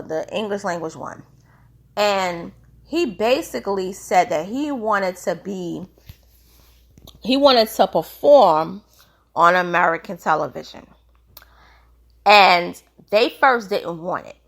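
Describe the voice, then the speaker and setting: A woman's voice: mid-range voice, lively intonation, slow pace, gravelly, long pauses, fairly bright tone. A woman hosting her own channel, giving chatty, opinionated commentary in a colloquial way. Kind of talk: casual commentary vlog.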